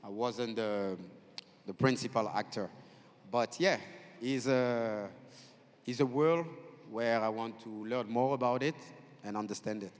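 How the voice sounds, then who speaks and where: A man with a French accent chats on a festival stage, spinning animated stories in halting, restarting phrases. His voice sits in a middle register. The sound carries a long reverb from the hall. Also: medium pitch. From France. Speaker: festival guest. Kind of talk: on-stage conversation.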